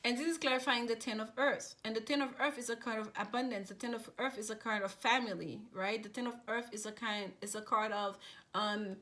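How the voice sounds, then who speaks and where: A woman's voice: on the high side, fairly even intonation, fairly quick, a bit bright. A woman giving a casual tarot reading, chatty and rambling, with many fillers and restarts. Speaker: tarot reader.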